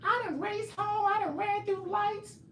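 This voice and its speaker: A man putting on a whiny high-pitched nagging fan. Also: fairly even intonation, unhurried, pushed and bright, reverberant, recorded from a distance, slight background noise, exaggerated voice.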